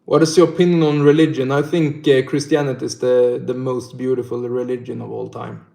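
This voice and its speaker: A man's voice: medium pitch, flat delivery, fairly quick, vocal fry, mellow. A young man from northern Sweden with a Swedish accent, chatting casually on a livestream, swearing a lot and laughing often. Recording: roomy echo.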